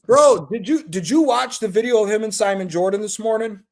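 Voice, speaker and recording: A man's voice: high-pitched, fairly quick. A man hosting a casual football chat stream, ranting with heavy swearing and mocking impressions. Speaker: host.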